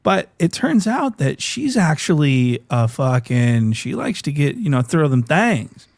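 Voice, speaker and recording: A man's voice: on the high side, very animated, measured pace, vocal fry, darkish tone, no echo, studio quality. A man hosting reaction commentary, talking in a mocking, incredulous way. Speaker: commentary channel host.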